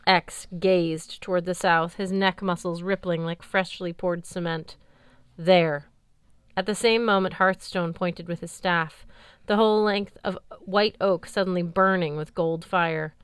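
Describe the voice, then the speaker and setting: A woman's voice: lowish voice, fairly even intonation, a little slow, few pauses, smooth, no echo. A woman narrating an audiobook in the first person, with a wry storytelling manner.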